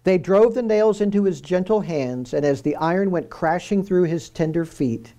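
A man's voice: sits high, normal speed, dark tone. A man preaching a sermon in an earnest way, repeating key phrases for emphasis.

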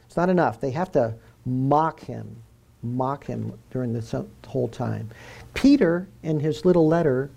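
A man's voice: mid-range voice, lively intonation, measured pace, gravelly, mellow, slightly rough. A man preaching a sermon in an earnest way, repeating key phrases for emphasis.

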